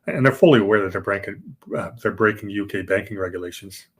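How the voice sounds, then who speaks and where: A man's voice: fairly low pitch, fast, slightly rough. A man co-hosting a podcast, explaining banking history casually, with fillers and restarts. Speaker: podcast co-host.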